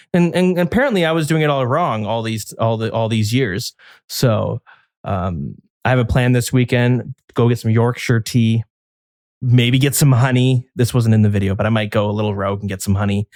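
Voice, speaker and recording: A man's voice: medium pitch, a little mellow, no echo, clean studio sound. A man co-hosting a podcast in casual chat, rambling and restarting his sentences as he tells stories. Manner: rambling, chatty, frequent restarts and fillers. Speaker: podcast co-host.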